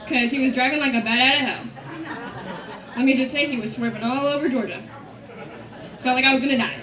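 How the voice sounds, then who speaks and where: A woman at a memorial telling a lively anecdote about the deceased. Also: sits high, fairly quick. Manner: lively storytelling. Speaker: memorial speaker. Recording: echoey hall from far off, crowd behind.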